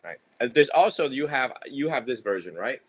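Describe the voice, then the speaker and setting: A man's voice: medium pitch, very animated, a little fast. A man teaching students in a loose, joking way, rambling and laughing as he goes. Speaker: monk teacher. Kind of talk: casual teaching talk.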